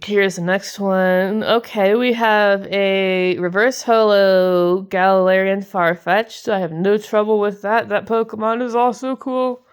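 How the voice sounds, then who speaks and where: Giggly woman with a smooth voice. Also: medium pitch, steady tone, slow, few pauses. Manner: chatty and giggly, gushing over cute cards. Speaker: card-collecting video host. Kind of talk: casual pack-opening commentary.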